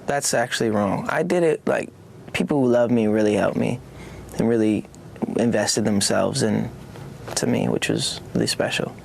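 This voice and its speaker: Young male guest, gravelly, laid-back, halting, faint hiss behind. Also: on the low side. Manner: relaxed, halting, lots of fillers and restarts. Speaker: interview guest. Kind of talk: casual interview chat.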